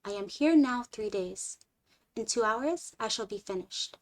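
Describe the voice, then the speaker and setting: A woman doing a slow, formal male alien scout. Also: a little high, lively intonation. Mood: grave. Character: tall grim male alien scout, weary.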